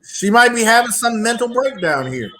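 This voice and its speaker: A man co-hosting a casual video commentary, speaking haltingly with "uh"s and repeated words. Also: extremely high pitch, sing-song, sharp tone. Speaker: co-host.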